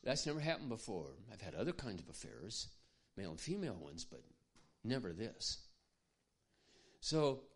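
A man preaching, telling a personal story in an earnest, confiding way that often drops to a hush. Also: on the low side, very animated, normal speed. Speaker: pastor. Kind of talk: sermon storytelling.

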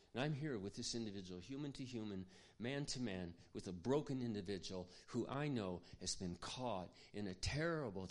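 Pastor guy telling a story from the pulpit, kinda low voice, earnest and hushed. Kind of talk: sermon storytelling.

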